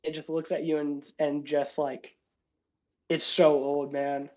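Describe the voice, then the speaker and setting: A man's voice: on the high side, level tone, a little slow, darkish tone, muffled recording. A man narrating a tabletop game as game master, rambling casually with many fillers.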